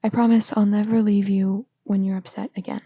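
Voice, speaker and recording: Woman reading as a gentle young man. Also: mid-range voice, level tone, a little fast, breathy edge, no echo. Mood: pleading. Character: gentle young man comforting his partner. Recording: slightly dull lo-fi recording.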